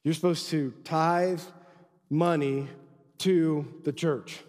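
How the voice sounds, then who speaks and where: A man preaching in a church with a high, ringing voice. He drives his points hard, then drops to quiet asides, and the sound trails off in the long reverb of a big hall. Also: fairly even intonation, slow. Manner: emphatic, swings from loud exhortation to quiet asides. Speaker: pastor. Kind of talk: sermon.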